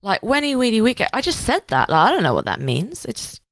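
Low, gravelly woman recapping a show. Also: wildly swooping pitch, brisk, a bit bright, dry recording. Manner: rambling, jokey, swears. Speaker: podcast co-host. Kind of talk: casual chat recapping a TV show.

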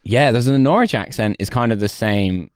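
A man hosting a casual comedy podcast, rambling and wry, quick to laugh. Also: mid-range voice, no echo, studio quality. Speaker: podcast host.

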